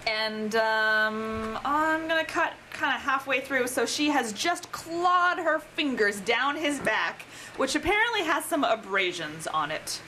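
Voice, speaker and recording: A young woman guest chatting casually and reading a book aloud, slowing down to read and laughing easily. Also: high voice, big pitch swings, bright, forceful tone, slight background noise. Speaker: guest, show organizer.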